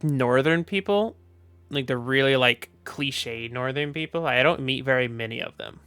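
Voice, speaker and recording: A man with a Southern US accent chatting casually on his stream, loose, profane and quick to laugh. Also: medium pitch, fairly bright tone, clear, resonant tone, no echo. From Southern United States. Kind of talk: casual livestream chat.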